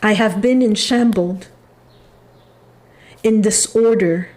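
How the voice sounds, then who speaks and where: A woman channeling a remorseful family member who pleads for forgiveness during a spiritual reading, speaking in a slow, solemn, halting way. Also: mid-range voice, darkish tone, natural voice. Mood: pleading.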